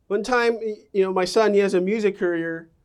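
A middle-aged man preaching a sermon as a pastor, a self-mocking storyteller who swings between loud outbursts and soft, low lines. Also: a little fast, smooth.

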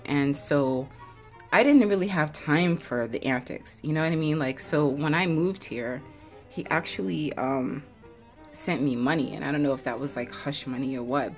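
A woman with a notably low voice tells a personal story in easy, conversational storytelling. She talks animatedly and fills her speech with casual asides and fillers. Soft music plays faintly underneath. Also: moderate pace.

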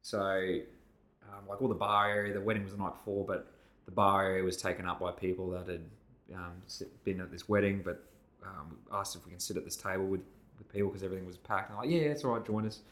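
A man's voice: low-pitched, quick pace. An Australian man in his thirties co-hosting a podcast, telling a story in casual chat and acting out the other people in it. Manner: animated, acts out both sides of the story with raised voice. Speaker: podcast co-host.

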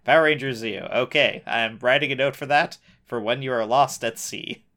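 Regular guy cohosting a recap, sarcastic, mid pitch, just chatting. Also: moderate pace, sharp tone. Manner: sarcastic, riffing. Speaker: podcast co-host. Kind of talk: casual recap chat.

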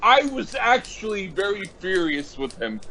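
A man's voice: high voice, very animated, unhurried, pushed and bright, slight background noise, poor audio. A man co-hosting a casual album-review chat, a little drunk and swearing through a mock-furious rant. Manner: profane, mock-furious ranting. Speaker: podcast co-host reviewing albums.

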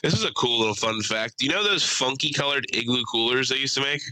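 Young male podcast co-host, crude joking storyteller, very bright tense tone, dry close sound. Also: medium pitch, quick pace, dry recording, low-quality recording. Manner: storytelling with crude jokes and voiced impressions. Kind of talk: casual chat.

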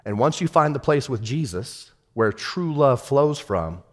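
A man pastor preaching a sermon, swinging from shouted rebukes to hushed, tender storytelling. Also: mid-range voice, animated, unhurried. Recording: long hall reverb.

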